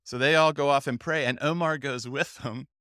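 A man's voice: medium pitch, steady tone, normal speed, sharp tone, no room sound, clean studio sound. A middle-aged man telling a story in a sermon at a youth Bible camp, acting out the quoted voices as he goes.

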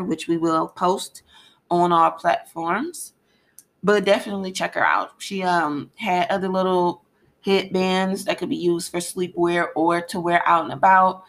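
A woman's voice: lowish voice, a bit bright. A woman co-hosting a casual podcast chat, laid-back and chatty, using casual slang. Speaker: podcast co-host.

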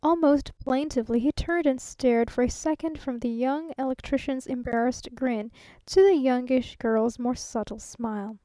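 Woman, audiobook narrator, high and mellow voice, dry close recording. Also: moderate pace, no echo. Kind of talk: scripted narration.

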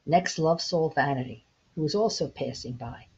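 A woman in her sixties hosting her own podcast, gently telling a parable in an unhurried, reflective way. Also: sits low, husky. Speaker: podcast host. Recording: dull lo-fi home recording.

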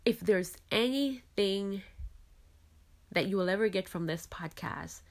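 Woman podcast host, Caribbean-raised, faith talk, earnest and reflective, middle pitch. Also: a little slow. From Caribbean islands. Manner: earnest, reflective, frequent "you know".

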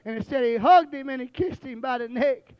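A man preaching with a very high voice. He moves from low, quiet storytelling to shouted, stretched-out refrains that he repeats again and again. The sound is close and dry, with no room echo. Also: brisk, clear, resonant tone. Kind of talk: sermon.

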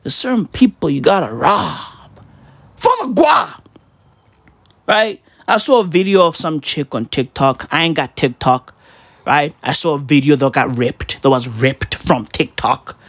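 High-voiced, rambling, slang-heavy man. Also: animated, a little slow, breathy edge, no echo. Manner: rambling, slang-heavy, swings between shouting and muttering; peppers speech with mock patois slang. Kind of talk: casual profane rant.

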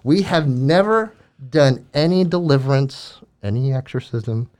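A man's voice: mid-range voice, a little slow. A man earnestly telling a faith story in casual conversation, acting out the quotes. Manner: earnest, animated retelling with acted quotes. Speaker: guest telling a ministry story.

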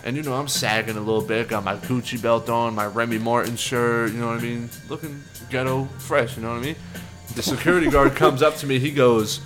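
A man co-hosting a podcast, telling a profane, animated story in casual chat. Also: medium pitch, fast, soft background music. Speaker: podcast co-host.

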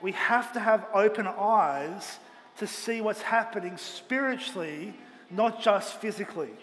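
A pastor preaching a Sunday sermon with earnest, emphatic delivery, speaking in a church auditorium. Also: male voice, high-pitched, lively intonation, unhurried, a bit bright. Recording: long hall reverb, faint ambient noise.

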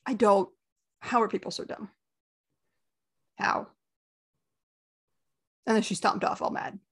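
A woman's voice: mid-range voice, fairly even intonation, slow pace, fairly bright tone, breathy edge. A woman co-hosting a podcast, casually telling exasperated, wry stories about her work at a movie theater. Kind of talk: casual storytelling chat.

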